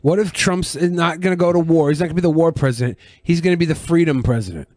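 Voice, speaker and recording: A man's voice: a little high, fast, a little mellow, no room sound. A man co-hosting a podcast, riffing crudely and joking in casual chat. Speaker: podcast co-host.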